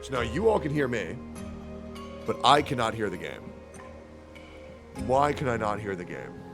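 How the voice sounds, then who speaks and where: A man's voice: lowish voice, sing-song, moderate pace, over music. A young adult man streaming from his messy room on a headset, venting in an angry, swear-filled rant. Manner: angry, heavily profane venting. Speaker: game streamer. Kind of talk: casual livestream rant.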